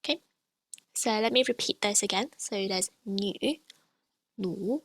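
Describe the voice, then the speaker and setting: A woman teaching pronunciation, explaining sounds clearly and repeating each example slowly. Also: medium pitch, a bit bright, no room sound. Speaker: language teacher.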